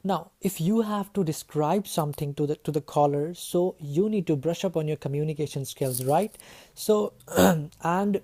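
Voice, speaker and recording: A woman's voice: low-pitched, normal speed, mellow. A woman teaching a lesson to camera, chatty, ending her points with tag questions. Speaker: communication skills teacher.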